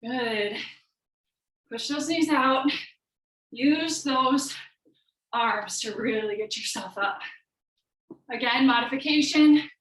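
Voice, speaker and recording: A young female fitness coach with a high-pitched, slightly bright voice leads a live workout class at a slow pace with long pauses. A little out of breath, she calls out encouraging cues and countdowns, recorded from far off in an echoey room.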